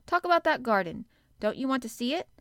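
A woman voicing a spoiled, sickly boy who is imperious and weary, speaking higher and more insistently. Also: big pitch swings, brisk, a bit bright, no room sound, clean studio sound, full character voice. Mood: eager. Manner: demanding, raised pitch.

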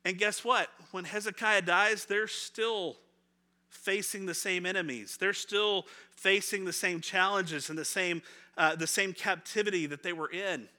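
A middle-aged man, a pastor, preaching a sermon in a conversational, animated way, acting out the voices of people in the story and laughing now and then. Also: high-pitched, a little slow. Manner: laughs often, repeats words when restarting.

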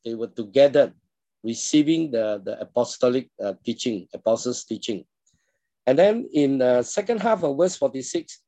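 A man preaching a sermon in a steady teaching tone, often clearing his throat and putting questions to his listeners. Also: fairly high pitch, no room sound. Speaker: pastor. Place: online church service.

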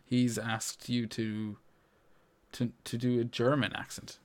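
A man's voice: mid-range voice, flat delivery, slow pace, no room sound. A man hosting a casual podcast, teasing his guest and scoring his efforts like a quiz. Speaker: podcast host. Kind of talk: casual chat.

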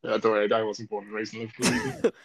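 A man's voice: lowish voice, huge pitch swings, very fast, breathy edge, low-quality recording. A Welsh man co-hosting a podcast, chatting casually with lots of fillers, restarts and casual swearing. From Wales. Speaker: podcast co-host. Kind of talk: casual chat.

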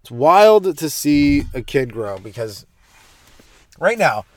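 A young adult man hosting a comedy podcast, stoned and rambling loosely through jokes with sudden animated bursts. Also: a little high, takes it slowly, no room sound. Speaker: podcast host.

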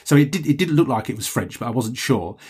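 Chatty podcast host, husky. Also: male voice, medium pitch, lively intonation, fast talker, a little mellow. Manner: chatty, rambling, self-correcting. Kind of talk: casual chat reading listener messages.

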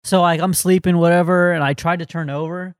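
Slightly high-voiced man telling a story. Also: steady tone, a little fast, clean tone, no echo, studio quality. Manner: rambling, full of "like" and "um". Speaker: podcast co-host. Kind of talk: casual storytelling.

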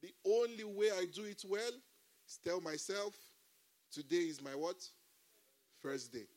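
A man voicing a cheerful male desert tour guide with a put-on Arabic accent during a sermon story, talking slowly and warmly. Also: high voice. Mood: welcoming.

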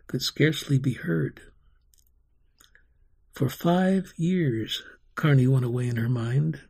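A man reading a story aloud in a slow, rhythmic, expressive way, voicing sound effects himself. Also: a little high, gravelly, slightly rough.

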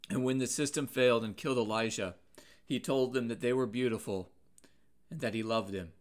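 In an earnest, measured way, a man with a mid-range voice preaches a sermon, pausing now and then and restarting a word.

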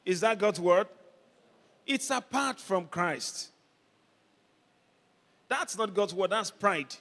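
Male pastor, high bright voice, slow deliberate sermon delivery, call-and-response, echoing church hall. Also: animated. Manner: call-and-response preaching, rising to shouts. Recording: long hall reverb.

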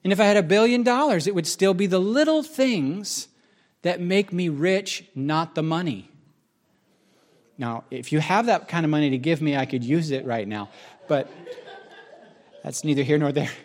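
High-voiced man preaching with jokes. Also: animated, normal speed, pauses often. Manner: conversational and joking, with asides to the audience. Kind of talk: sermon.

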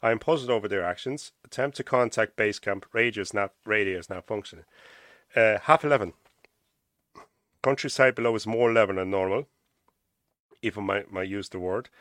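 A man with an Irish accent hosts a casual podcast, reading passages aloud and breaking off for chatty remarks. His voice sits a little low. The close mic gives a dry, dead sound. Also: moderate pace, pauses often, a bit bright, dry recording. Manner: reads aloud with stumbles and chatty asides. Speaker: podcast host.

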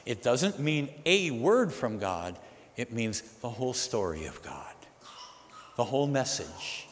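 Animated male preacher in a reverberant hall. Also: mid-range voice, unhurried, slight background noise. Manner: animated, asks the congregation questions. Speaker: pastor. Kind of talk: sermon. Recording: long reverb of a large hall.

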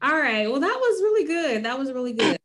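A woman co-hosting a casual podcast chat, expressive, with quick reactions and frequent laughter. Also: high voice.

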